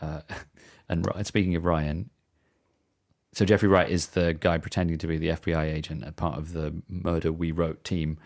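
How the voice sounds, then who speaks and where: A man's voice: low-pitched, flat delivery, moderate pace, a little mellow. A man co-hosting a podcast in casual chat, retelling film scenes in a reflective, hesitant way. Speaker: podcast co-host.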